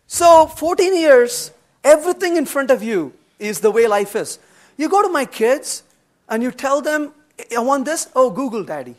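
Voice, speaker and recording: Casting: middle-aged man, very high voice, animated blunt conference lecturer. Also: normal speed. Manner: animated, emphatic, answers bluntly with humor; acts out quoted dialogue in changed voices. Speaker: conference speaker. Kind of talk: workshop lecture with audience questions. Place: conference room.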